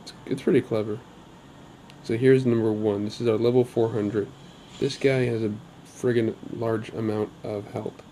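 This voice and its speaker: A man's voice: fairly low pitch, flat delivery, moderate pace, warm tone, slight background noise. A man hosting his own gaming channel, talking casually over gameplay in a chatty, upbeat way with rambling asides.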